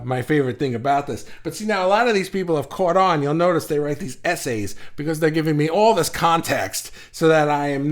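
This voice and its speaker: A man hosting a live stream, reading viewers' comments aloud and riffing on them in a rambling, self-mocking way. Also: on the high side. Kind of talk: casual live-stream chat.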